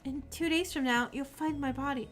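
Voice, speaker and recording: A despairing young girl in a game, quiet and resigned, as a woman reads her part aloud. The voice is fairly high-pitched, with faint music behind it. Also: moderate pace. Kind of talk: reading game dialogue aloud.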